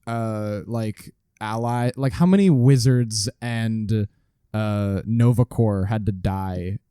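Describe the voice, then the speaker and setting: Mellow-voiced man arguing a point. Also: fairly low pitch, takes it slowly, smooth, no echo, studio quality. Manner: argumentative, rambling with restarts. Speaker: podcast co-host. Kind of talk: casual chat.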